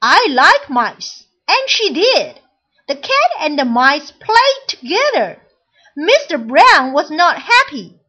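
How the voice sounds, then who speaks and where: Very high-voiced woman reading a storybook. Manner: clear, deliberate, expressive. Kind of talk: slow storybook read-aloud.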